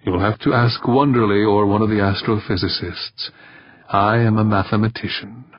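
A man voicing a precise male mathematician who explains matter-of-factly with a sharp edge. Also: lowish voice, steady tone, moderate pace, dry recording, muffled recording, lightly acted. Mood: curt. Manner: matter-of-fact, slightly sharp.

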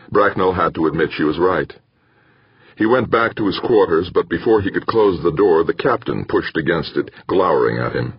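Very deep, husky male narrator. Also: moderate pace, no room sound, dull audio. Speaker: audiobook narrator. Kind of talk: scripted narration.

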